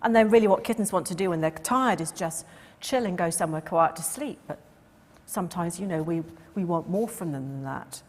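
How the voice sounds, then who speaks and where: A middle-aged woman giving a lecture in a lively, expressive way, now and then acting out the voices of a cat and its owner. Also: lowish voice, brisk. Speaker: cat behaviour speaker. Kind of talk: lecture talk. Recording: long reverb of a lecture hall.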